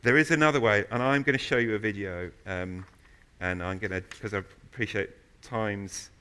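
A man preaching a sermon in a church, telling stories with animated, loud emphasis. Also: on the low side, normal speed, clear, resonant tone.

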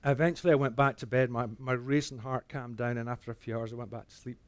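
A man's voice: mid-range voice, fast, dry recording. Earnest man, dry close sound. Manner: earnest storytelling that swings between hushed and animated. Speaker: speaker giving a testimony. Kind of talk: personal faith testimony.

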